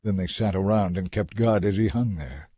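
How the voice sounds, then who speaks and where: A man narrating scripture in a measured, dramatic reading. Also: sits low, mellow, slightly rough, no room sound.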